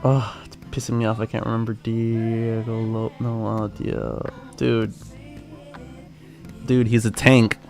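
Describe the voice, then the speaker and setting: Young adult male streamer, gravelly voice, loose and profane, excitable slang. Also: on the low side, slow pace, long pauses, faint music behind. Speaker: livestream trading host. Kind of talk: casual live-stream chat.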